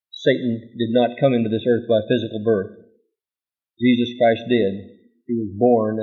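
A male pastor preaching a sermon, reading scripture aloud and pressing his listeners with emphatic rhetorical questions. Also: mid-range voice. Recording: tinny lo-fi sermon tape.

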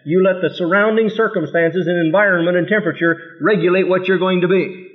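A man's voice: high-pitched, fairly even intonation, brisk. A male pastor preaching a sermon, reading scripture aloud and pressing his listeners with emphatic rhetorical questions. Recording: tinny lo-fi sermon tape.

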